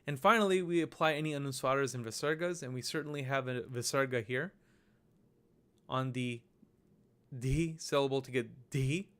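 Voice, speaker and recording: A man narrating a recorded lesson over slides, explaining each step slowly and patiently. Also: mid-range voice, fairly bright tone. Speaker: language teacher.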